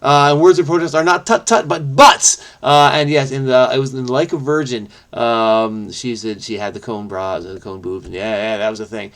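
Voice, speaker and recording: A man thinking aloud as he solves a crossword, muttering to himself with many fillers and self-corrections, quick bursts between slower musing. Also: medium pitch, fairly even intonation, fairly bright tone. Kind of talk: thinking aloud while solving.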